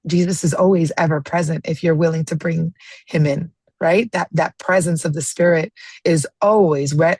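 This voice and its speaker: Earnest woman facilitator, slightly low, husky voice, dry close sound, reflective group talk. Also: a little mellow, dry recording. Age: adult parent. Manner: earnest, reflective, restarts phrases. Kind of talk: casual group discussion.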